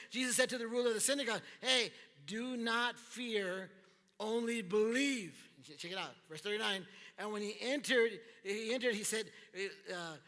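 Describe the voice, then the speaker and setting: A pastor with a strikingly high, bright voice delivers a sermon, animatedly acting out the characters of the scripture story. The long reverb of a large church hall rings around his voice.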